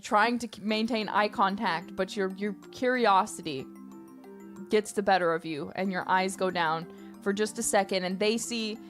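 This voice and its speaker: A woman livestreamer rambling playfully and loudly to her chat. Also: mid-range voice.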